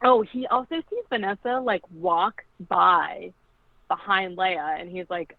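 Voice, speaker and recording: A woman's voice: lowish voice, a little slow, gravelly, dry recording. A woman casually recapping a film as a podcast co-host, chatty and full of "like", acting out the quoted lines. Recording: tinny phone-like line, dry.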